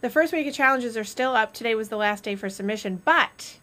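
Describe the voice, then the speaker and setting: A woman's voice: on the high side, fairly quick, sharp tone. A woman hosting a casual live stream, chatty and rambling, often laughing.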